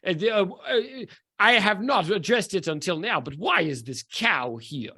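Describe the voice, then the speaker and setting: A man voicing a scheming gangster lord, speaking formally in a put-on deeper register with a fake fantasy Russian accent. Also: expressive, pushed and bright, husky, full character voice. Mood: indignant. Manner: formal, stiff speech in a deliberately deeper register. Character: scheming male gangster lord, menacing and haughty.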